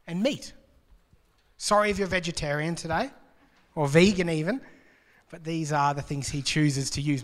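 Bright-voiced man preaching in a hall. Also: a little high. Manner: conversational and joking, with rhetorical questions. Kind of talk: sermon. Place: church hall. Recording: long reverb of a large hall.

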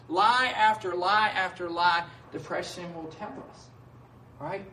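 A man's voice: high-pitched, a little slow, pushed and bright, a little hiss or hum. A male pastor preaching a sermon in a conversational way, often asking his listeners "right?". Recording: echoey room heard from a distance.

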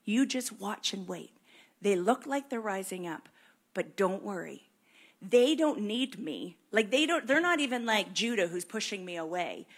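A woman preaching a sermon, animated and conversational, acting out prayers and questions to God. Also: medium pitch, a little slow. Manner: animated, acts out prayers and voices in quotes.

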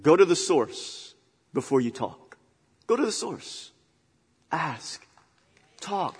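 A man preaching a sermon as pastor, emphatic and animated, swinging between loud emphasis and quiet asides. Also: on the high side, slow pace, breathy edge, in a large hall. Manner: animated, emphatic storytelling with big swings in loudness. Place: church sanctuary.

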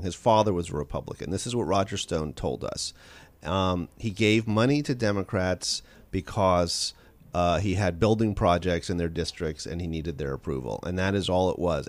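A man being interviewed as an author on a call-in radio show, telling stories in a quick, animated way with frequent restarts. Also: low-pitched, dry recording. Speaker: author guest.

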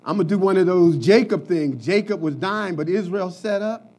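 A man preaches a sermon in a high, lifted voice. He sinks into quiet, talky asides and then climbs into shouted, ringing lines. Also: moderate pace, low-quality recording. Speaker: pastor.

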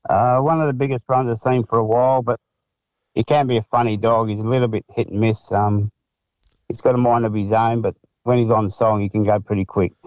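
An Australian man, a greyhound trainer and guest, answering questions in a measured, hesitant way. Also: mid-range voice, fairly even intonation, dry recording, muffled recording. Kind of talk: interview answers.

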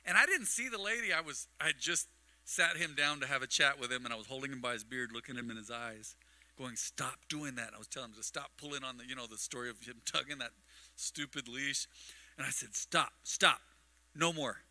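A man preaching a mid-week sermon as pastor, telling a long personal story with acted-out dialogue and quick asides to the congregation. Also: medium pitch, sharp tone, no room sound, low-quality recording. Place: church sanctuary. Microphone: microphone on a livestream.

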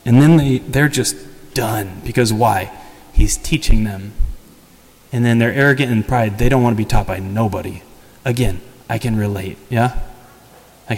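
A man who is a priest, giving a casual sermon that retells a story and acts out the quotes. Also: moderate pace. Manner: lively storytelling, acts out quotes with higher pitch and laughs. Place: church. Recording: long church reverb.

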